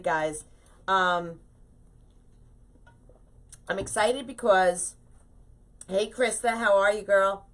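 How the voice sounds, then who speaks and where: A woman's voice: mid-range voice, very slow, pauses often, a bit bright. A middle-aged woman hosting a chatty craft livestream, greeting viewers by name in a bubbly, upbeat way. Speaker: wreath-making livestream host. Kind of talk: casual livestream chat with viewers.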